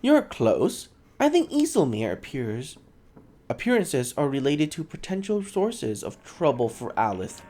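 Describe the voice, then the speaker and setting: A man's voice: on the high side, wildly swooping pitch, a little slow, dark tone, pitched above the performer's own voice, heavily acted. A man reading the player hero's lines in a plain, questioning way.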